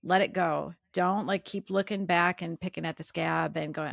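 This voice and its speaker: A middle-aged woman chatting as a podcast guest, animated and acting out her own inner voice. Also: on the low side, moderate pace, gravelly, hardly any pauses, no room sound, studio quality. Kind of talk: casual interview chat.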